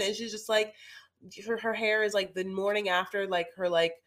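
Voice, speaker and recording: A woman co-hosts a podcast, chatting and gossiping in a casual recap with lots of fillers. Her mid-range voice is fairly bright, with fairly even intonation and a normal pace.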